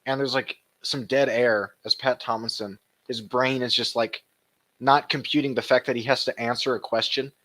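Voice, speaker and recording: Male show host reacting to clips, sarcastic and loose, middle pitch. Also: moderate pace. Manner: mocking, animated retelling of clips. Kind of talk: casual reaction commentary.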